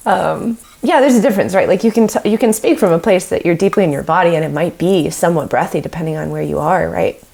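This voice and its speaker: Chatty woman with a low, gravelly voice. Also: a little fast. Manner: animated, laughs often, chatty. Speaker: podcast guest. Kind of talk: casual podcast conversation.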